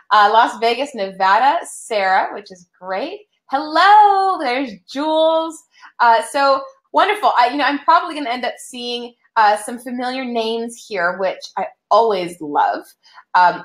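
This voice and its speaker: A young woman hosting a live online webinar, greeting viewers in an upbeat, chatty way with many fillers. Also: fairly high pitch. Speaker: webinar host. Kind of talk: casual live-stream chat. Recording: echoey room.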